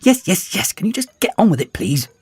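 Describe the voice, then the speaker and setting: A man voicing a shrill pompous villain. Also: sing-song, normal speed, no room sound. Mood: theatrical. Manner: declaiming, shrill and exasperated. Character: pompous theatrical male villain, sarcastic and grumpy.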